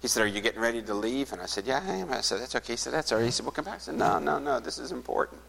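A pastor in a large hall tells a story during his sermon, acting out both sides of a conversation and sinking to a near whisper at the saddest moments. His mid-range voice is gravelly, animated and rapid-fire. There's slight background noise.

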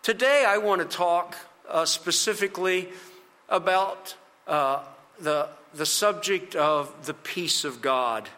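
A man preaches a sermon in an earnest, gently encouraging way, leaning on slow, emphatic phrases. His voice sits a little high and rings bright and forceful. The sound carries a long reverb, like a church hall. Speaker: pastor.

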